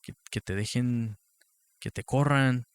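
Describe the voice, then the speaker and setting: A man's voice: medium pitch, measured pace, clean tone, dry recording, natural voice. A man imitating his sulky complaining father. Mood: whiny. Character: whiny self-pitying older father, complaining.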